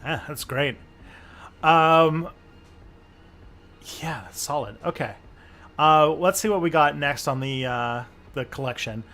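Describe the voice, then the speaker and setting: A man's voice: a little high, slow, long pauses, pushed and bright. Canadian man in casual political chat. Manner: rambling, thinking aloud with many restarts. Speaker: co-host.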